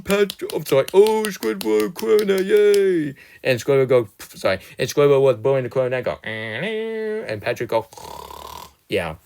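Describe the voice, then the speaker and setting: A man's voice: fairly low pitch, fairly bright tone, smooth. A young man delivering a rambling, exasperated movie rant in a casual, loose way. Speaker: movie reviewer.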